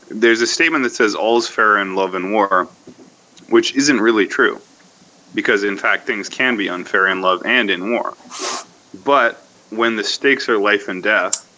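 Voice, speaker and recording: Deep-voiced man lecturing on a podcast. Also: bright, forceful tone, slight background noise, rough recording. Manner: rambling, lecturing, thinks aloud with fillers and restarts. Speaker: podcast host. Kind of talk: casual podcast discussion.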